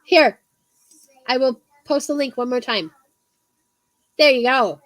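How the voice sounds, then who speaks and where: High-pitched lady rambling on her stream, dry close sound, swears a bit. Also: slow, no echo. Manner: rambling, frequent ums and swearing. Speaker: livestream host. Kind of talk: casual livestream chat. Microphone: phone.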